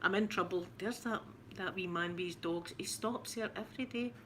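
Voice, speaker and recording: A woman's voice: medium pitch, moderate pace, fairly bright tone, slight background noise. A middle-aged Scottish woman hosting a casual live chat with viewers, rambling and giggling with many restarts. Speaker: ASMR livestream host.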